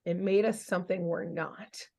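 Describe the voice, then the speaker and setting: A woman voicing an earnest young cartoon superhero girl, solemn and quiet. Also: on the low side, fairly even intonation, moderate pace, lightly acted.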